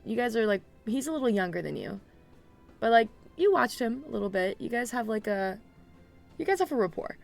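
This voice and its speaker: Gravelly, lively woman game master. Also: on the high side, brisk, soft background music. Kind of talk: narrating a tabletop game.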